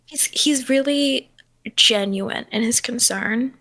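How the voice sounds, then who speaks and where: Woman, 20s, podcast co-host: high, bright voice, giggly and gushing, dry close sound. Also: slow, no room sound. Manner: gushing, giggly, says "like" a lot. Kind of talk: casual chat.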